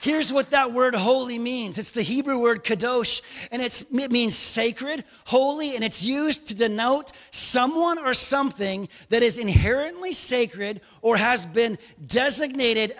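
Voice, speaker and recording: High-voiced male pastor preaching. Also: big-room sound. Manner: animated, joking asides, bursts of raised emphasis. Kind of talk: sermon.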